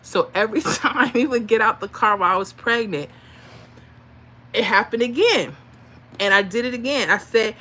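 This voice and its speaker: A middle-aged woman hosts a casual live stream, chatting and telling stories in an animated way with frequent laughter. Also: mid-range voice. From Florida. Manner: animated, chatty, laughs often, acts out voices. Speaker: livestream host.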